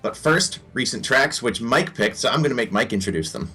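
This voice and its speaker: A man's voice: medium pitch, lively intonation, brisk, pushed and bright, slightly rough, faint music behind. A man hosting a casual podcast chat, rambling and joking with playful self-deprecation. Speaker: podcast host.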